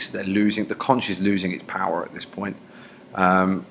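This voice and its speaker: A male teacher explains a novel to his class in a relaxed, casual way, his low voice gravelly with fry. A faint hum of room noise sits under the lesson. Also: moderate pace. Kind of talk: classroom lecture.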